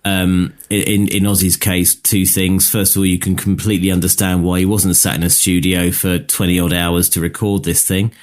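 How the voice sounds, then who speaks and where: A man's voice: sits low, level tone, normal speed, hardly any pauses. A man with an Essex accent, co-hosting a podcast in casual chat, rambling and thinking aloud with many asides. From Essex, England. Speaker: podcast co-host.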